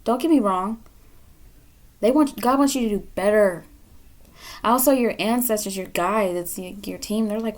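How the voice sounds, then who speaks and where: A woman reads tarot cards for her viewers. She talks bluntly and scolds a lot, swearing freely, in a voice of middling pitch. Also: a little slow, long pauses, darkish tone. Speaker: tarot reader. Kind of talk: pick-a-card tarot reading.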